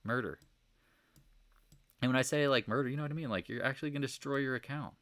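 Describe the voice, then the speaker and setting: A man's voice: mid-range voice, fast talker, fairly bright tone, no room sound. A man giving a casual, rambling market recap over charts, exasperated and preachy, firing off rhetorical questions. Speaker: market commentator.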